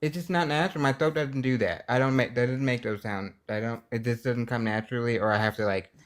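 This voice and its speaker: Young male student guest, mid-pitched, halting and self-conscious. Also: fairly even intonation. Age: young adult. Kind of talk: casual chat.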